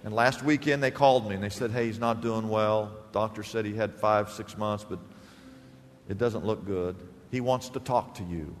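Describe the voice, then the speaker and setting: A male pastor preaching a sermon in a church, telling stories and swinging between loud bursts and hushed, quiet lines. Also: on the low side, normal speed, long reverb tail. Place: church sanctuary.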